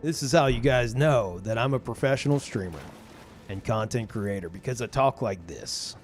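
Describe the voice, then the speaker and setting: A man putting on the voice of a cheesy, upbeat male streamer with a deep, smooth radio-style delivery. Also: moderate pace, slight background noise, lightly acted. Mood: mock-professional.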